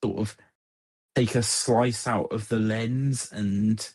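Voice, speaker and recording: Caller, middle-aged English man with an Oxfordshire accent, husky voice, stumbles and restarts. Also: lowish voice, steady tone, slow pace, a little mellow. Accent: Southern English, Oxfordshire. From Southern England. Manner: repeats words, restarts, chuckles often. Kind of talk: casual chat.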